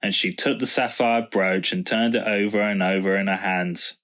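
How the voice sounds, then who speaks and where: Man calmly reading a storybook. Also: lowish voice, moderate pace. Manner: calm, even narration. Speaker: narrator.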